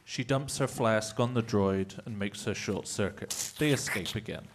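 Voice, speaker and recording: A man's voice: fairly low pitch, normal speed, slight background noise. A man narrating stage directions in a live improv comedy show, often chuckling.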